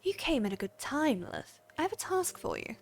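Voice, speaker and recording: A woman voicing a stern female archer guildmaster from a game, read in a quiet, measured way. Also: mid-range voice, lightly acted.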